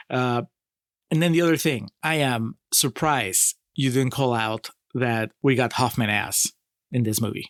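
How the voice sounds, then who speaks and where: A man co-hosting a casual film review podcast, talking in an animated way, laughing often and swearing freely. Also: mid-range voice, unhurried, no echo, studio quality. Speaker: podcast co-host.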